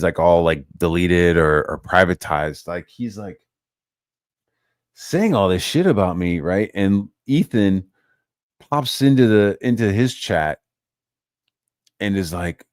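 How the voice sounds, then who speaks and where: A channel host with a fairly low voice rants casually about online drama, swearing heavily and mocking others in put-on voices. He's animated and profane, recorded in studio quality with no room sound.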